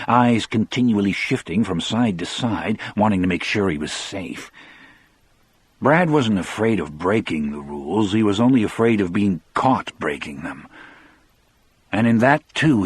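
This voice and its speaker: A man's voice: sits low, breathy edge, no room sound. A man narrating an audiobook in a brooding, confessional first-person telling.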